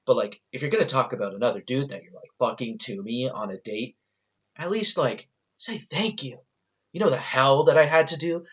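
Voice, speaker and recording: Young man rambling through a vlog storytime. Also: fairly high pitch. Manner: rambling, animated storytelling with frequent swearing and laughing. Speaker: vlogger.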